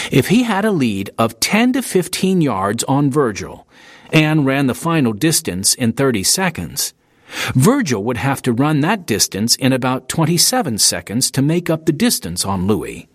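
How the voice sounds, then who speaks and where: A man reading an audiobook in steady, scripted narration into a close studio mic. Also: mid-range voice, no room sound. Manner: steady storytelling, lively intonation.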